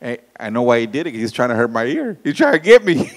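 A man's voice: medium pitch, sing-song, quick pace, very noisy. A man telling a profane, rambling story to a live audience at an event, repeating words and laughing at his own tale. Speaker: guest speaker at a real estate event.

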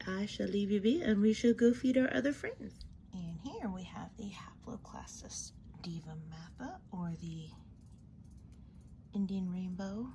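A woman hosting a casual pet vlog, chatty and full of trailing fillers. Her pitch swings up and down a lot as she gushes over her spiders. Her voice sits at an ordinary middle height. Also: lively intonation, measured pace, creaky, background noise. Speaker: tarantula keeper vlogger.

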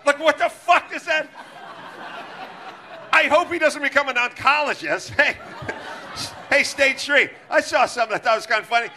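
A man's voice: extremely high pitch, normal speed, pauses often, sharp tone, slight background noise. A man hosting a podcast, ranting in a profane, exasperated and sarcastic way. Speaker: podcast host. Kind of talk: ranting comedic podcast talk.

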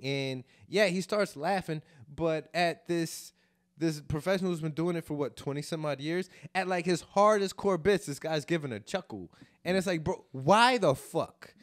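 A man's voice: fairly high pitch, normal speed, no echo, studio quality. A man from Chicago, a comedian hosting a podcast, chatting casually in a rambling, profane way. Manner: rambling and profane, with lots of restarts.

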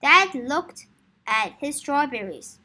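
A woman reading a children's story aloud for English learners, slow, clear and careful. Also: high voice, big pitch swings, sharp tone.

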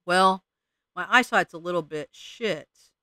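A slow, drawling mole , as a man voices him, talks as if his words were stuck in soil, rambling ungrammatically. The tone stays crisp and bright in a dry storybook reading. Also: high voice, no echo, exaggerated voice. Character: slow, dim, henpecked male mole.

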